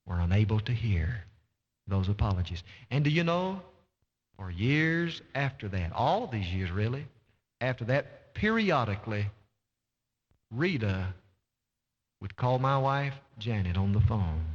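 A male pastor preaching a sermon with impassioned, dramatic delivery, stretching key words slowly for emphasis. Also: fairly low pitch, big pitch swings, husky. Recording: dull lo-fi recording in a reverberant church hall.

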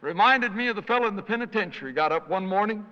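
An older man with a hoarse voice, a traveling evangelist telling folksy stories in a sermon and acting out the people he quotes. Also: high voice, expressive, quick pace. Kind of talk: anecdotal sermon storytelling with jokes. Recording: reverberant hall, dull lo-fi sound.

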